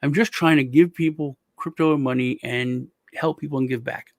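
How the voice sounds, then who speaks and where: A man, hosting a crypto show, telling stories in a casual, animated way with lots of swearing. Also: mid-range voice, normal speed, no room sound. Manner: animated, profane ranting storyteller. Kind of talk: casual chat.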